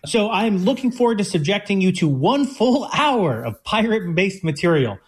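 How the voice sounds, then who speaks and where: Man, chef co-host, slightly high voice, eager, explanatory, casual radio chat. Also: very animated, husky. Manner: eager, explanatory, quick bursts.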